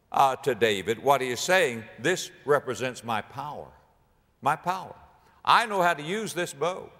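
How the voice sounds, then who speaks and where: A man preaching a sermon, dramatic and animated, acting out biblical speakers and rising to near-shouts. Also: fairly high pitch, big-room sound.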